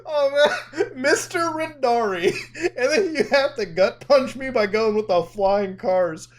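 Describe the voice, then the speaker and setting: A man's voice: extremely high pitch, measured pace. A man giving casual reaction commentary on a video, sarcastic and laughing often, with some swearing.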